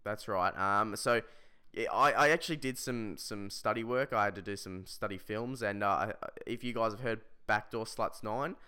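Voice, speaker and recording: A young man telling a comic story from his life in a rambling, crude way, swearing often and shouting in mock outrage. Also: on the low side, normal speed, smooth. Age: young adult. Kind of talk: comedic storytelling.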